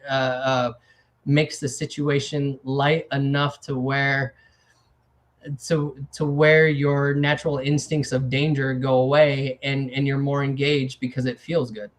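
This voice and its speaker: A man's voice: mid-range voice, level tone, measured pace. A man hosting a casual talk show, rambling with many restarts and acting out little quotes. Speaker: podcast host. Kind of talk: casual chat.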